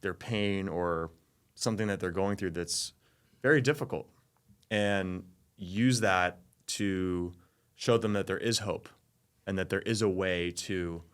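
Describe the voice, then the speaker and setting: A young man hosts a podcast in casual conversation, his voice sitting on the low side. He rambles loosely and leans on filler words as he talks things through. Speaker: podcast host and soccer coach.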